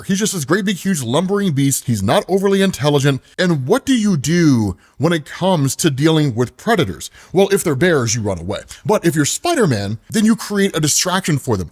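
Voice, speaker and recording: A man on the higher side of the male range retells a comic book story in a casual, chatty way. His voice jumps around a lot in pitch as he tells it. He laughs often and drops quick asides between the events. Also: breathy edge. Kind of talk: casual comic recap narration.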